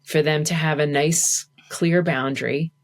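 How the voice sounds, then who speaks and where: A woman's voice: low voice, fairly even intonation, a little slow. A woman talking as a podcast guest in casual conversation, chatty and full of "like" fillers.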